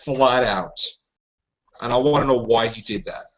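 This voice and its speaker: A man's voice: mid-range voice, unhurried. Ranting man on a lo-fi podcast. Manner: indignant, ranting, repeats himself. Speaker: podcast host. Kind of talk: heated fan podcast discussion. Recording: lo-fi podcast audio.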